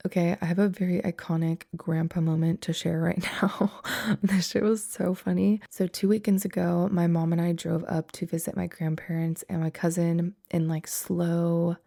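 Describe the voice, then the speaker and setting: A woman's voice: on the low side, flat delivery, normal speed, vocal fry, warm tone. A young woman in her twenties hosting a solo podcast, chatting casually with lots of "like" fillers and frequent laughter. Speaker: podcast host.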